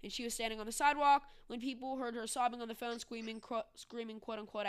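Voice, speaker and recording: A woman's voice: on the high side, flat delivery, quick pace, few pauses, clear, resonant tone. A woman hosting a casual political commentary podcast, ranting sarcastically. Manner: sarcastic, ranting, mocks with put-on voices. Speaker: podcast host.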